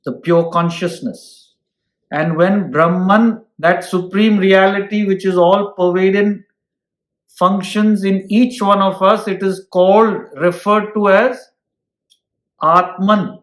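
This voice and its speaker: A man teaching an ancient scripture at an unhurried pace, stopping to ask his listeners "hmm?" and reaching for everyday examples. His voice sits a little high for a man. The room gives it a noticeable echo. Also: fairly even intonation, fairly bright tone. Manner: explains with homely examples and asks listeners "hmm?". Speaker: spiritual teacher. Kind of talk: scripture lecture.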